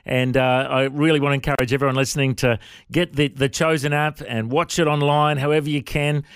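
A man's voice: mid-range voice, steady tone, brisk, clear, resonant tone, no room sound, studio quality. A man hosting a radio interview in a chatty, friendly way. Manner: chatty, says mate. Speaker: radio host.

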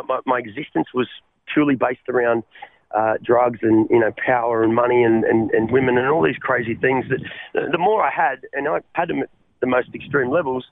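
An Australian man telling his life story as a radio guest, halting and repeating words as he speaks. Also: medium pitch, creaky, dry recording. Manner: halting, repeats words, calls the host mate. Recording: tinny phone line.

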